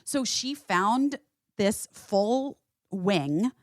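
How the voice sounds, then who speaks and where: A woman's voice: medium pitch, animated, very slow, no room sound, studio quality. A woman hosting a podcast, chatting casually and telling an anecdote in loose, trailing phrases. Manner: chatty, trailing off and restarting as she tells an anecdote. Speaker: podcast host. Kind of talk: casual chat.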